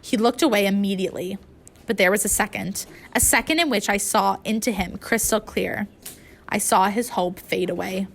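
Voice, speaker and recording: A woman reading a first-person audiobook aloud, with an emotional, expressive telling. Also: medium pitch, moderate pace, vocal fry. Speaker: audiobook narrator.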